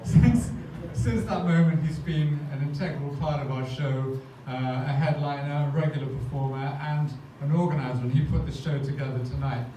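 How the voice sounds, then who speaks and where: A man hosting a comedy show, rambling through self-mocking stories between acts. His fairly high voice bounces around a very echoey club, a bit off the mic. Audience noise fills the room. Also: steady tone, moderate pace, hardly any pauses, dark tone, recorded from a distance. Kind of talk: stand-up hosting.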